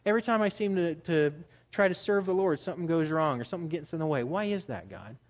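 A man's voice: a little high, animated, fast. A man preaching as a pastor, in a conversational style that builds to emphatic urging. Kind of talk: sermon.

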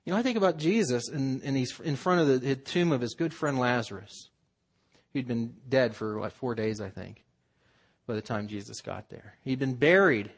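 A man's voice: mid-range voice, animated, moderate pace, slightly rough. A man preaching a sermon in an earnest, conversational way, acting out quotes as he goes. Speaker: pastor.

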